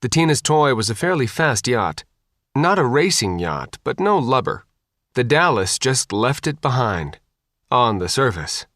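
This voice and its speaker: A man narrating an audiobook in an expressive, animated reading. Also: medium pitch, a little slow, no echo, clean studio sound.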